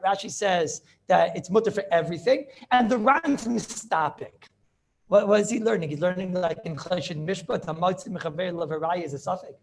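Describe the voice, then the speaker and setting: A man with a high, lively voice gives a Talmud study class at a quick clip. He sounds gravelly at times, repeats key phrases and argues back and forth with himself as he teaches. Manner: animated, repeats phrases, asks and answers his own questions.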